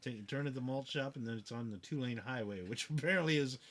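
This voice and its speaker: A man's voice: mid-range voice, fast, fairly bright tone. A man playing a tabletop game, joking and amused in casual chat. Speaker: player.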